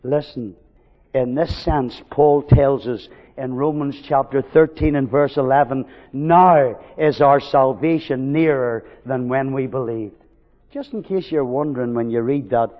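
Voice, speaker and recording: A man preaching a sermon, swinging from loud fervent declarations to hushed storytelling. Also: medium pitch, unhurried. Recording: dull recording with long hall reverb.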